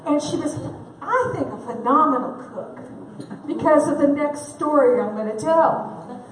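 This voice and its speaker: A woman's voice: high voice, animated, a little slow, slight background noise. A woman conference speaker giving a humorous faith talk, candid and self-deprecating, laughing often, heard from a distant mic in a large event hall.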